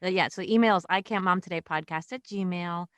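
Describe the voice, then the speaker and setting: A woman's voice: lowish voice, fairly quick, smooth, dry recording. A woman co-hosting a podcast in casual chat, chatty and laughing often between phrases. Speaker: podcast co-host.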